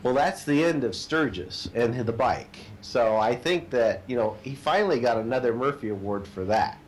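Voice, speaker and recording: A man telling a long, funny anecdote in casual chat, shouting out the quoted lines with gusto. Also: medium pitch, moderate pace, a little hiss or hum. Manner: animated storyteller, shouts quoted lines, laughs at own stories.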